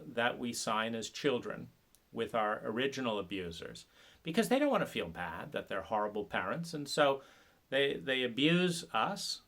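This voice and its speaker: A man speaks in a bright, forceful tone, delivering a passionate monologue on trauma recovery. His talk is halting, full of fillers and restarts. He turns sarcastic, mocking others in put-on voices. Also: medium pitch. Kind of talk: impassioned spoken monologue.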